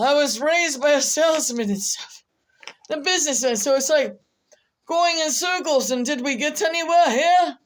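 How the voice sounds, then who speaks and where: A woman vlogger rambling through casual commentary, repeating herself and muttering asides as she goes. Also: high-pitched.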